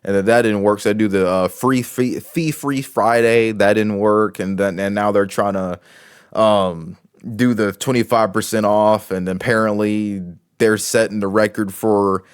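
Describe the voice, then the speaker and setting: A man's voice: lowish voice, fairly even intonation, measured pace, clean tone, dry recording, studio quality. A man giving casual commentary as a wrestling show reviewer, rambling with many restarts and fillers.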